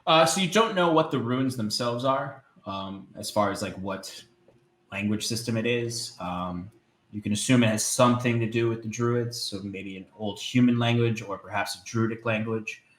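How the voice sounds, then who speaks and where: A man narrating as game master of a tabletop game, describing scenes hesitantly with many filler pauses. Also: on the low side, fairly bright tone, roomy sound.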